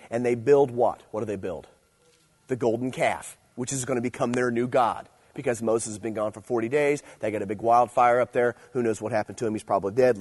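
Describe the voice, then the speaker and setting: Man, young adult, youth pastor, casual sermon, husky voice, storytelling, animated. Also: medium pitch. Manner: conversational storytelling, animated and playful when preaching.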